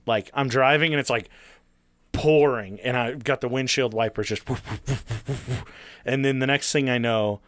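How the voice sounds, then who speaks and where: A young adult man co-hosting a casual podcast, telling a road trip story with lots of swearing and animated retelling. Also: medium pitch, unhurried, no room sound. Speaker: podcast co-host.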